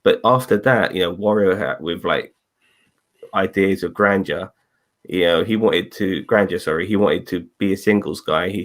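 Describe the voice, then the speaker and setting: A man with a fairly low voice hosts a loose online chat. He rambles, swears freely and stops to correct himself mid-sentence. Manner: rambling, profane, self-correcting. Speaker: podcast host. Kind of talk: casual group review chat. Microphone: video call.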